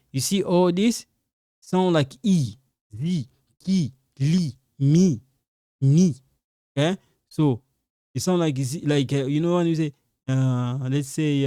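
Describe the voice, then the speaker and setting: Language tutor, non-native English, slow and patient, mellow dry voice, repeats each sound and keeps saying "okay?". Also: medium pitch, no echo. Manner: warns students again and again to be careful. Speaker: French language teacher. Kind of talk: slow pronunciation lesson.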